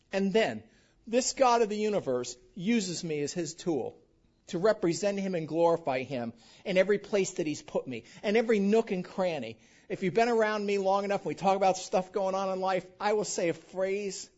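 Pastor guy preaching, keeps asking the crowd questions, muffled lo-fi recording. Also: high voice. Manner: animated, quizzes the congregation with call-and-response questions. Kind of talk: sermon. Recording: dull lo-fi recording.

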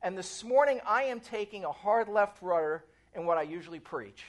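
A woman pastor preaching a sermon, animated and asking her congregation questions. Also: mid-range voice, moderate pace.

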